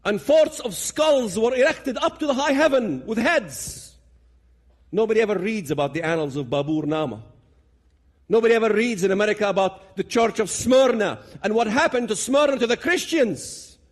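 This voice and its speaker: Man, 50s, high voice, very animated intonation, emphatic public speaker. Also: normal speed. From Palestinian territories. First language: Arabic. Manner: dramatic, emphatic, builds to loud peaks. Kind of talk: impassioned public talk.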